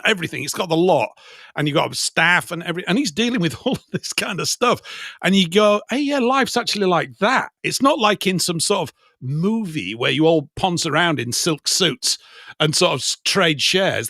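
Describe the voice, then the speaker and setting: A man talks as a guest with lively enthusiasm, telling his story in bursts. His voice is fairly high, and the recording is dry and close. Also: normal speed, no room sound. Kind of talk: casual chat.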